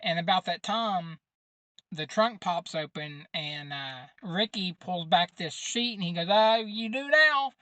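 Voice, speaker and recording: A man's voice: on the high side, unhurried, sharp tone, no echo. A man hosting a podcast, casually recapping a movie's plot in a rambling way, with lots of fillers and informal grammar. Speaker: podcast host.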